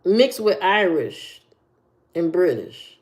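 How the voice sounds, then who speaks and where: Slow, rambling livestream woman. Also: on the low side, big pitch swings. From Indiana. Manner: rambling, repeats phrases and restarts lines. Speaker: livestream host. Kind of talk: casual livestream chat, answering viewers.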